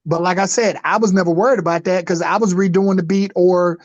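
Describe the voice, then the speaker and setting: High-voiced man in easygoing chat. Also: steady tone, fast, muffled recording. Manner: rambling, full of fillers like "you know what I'm saying". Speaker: podcast co-host. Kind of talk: casual chat.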